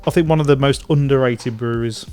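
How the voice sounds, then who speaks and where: A man from England co-hosting a casual beer podcast, talking in halting stops and restarts. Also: mid-range voice, darkish tone, soft background music. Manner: rambling, halting with many restarts and fillers. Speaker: podcast co-host. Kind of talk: casual chat.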